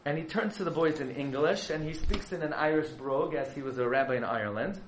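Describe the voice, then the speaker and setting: Male yeshiva rabbi, dramatic sermon storyteller, slightly high voice, roomy echoing hall. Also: quick pace, few pauses, a little hiss or hum. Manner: dramatic storyteller, surging from hushed to loud.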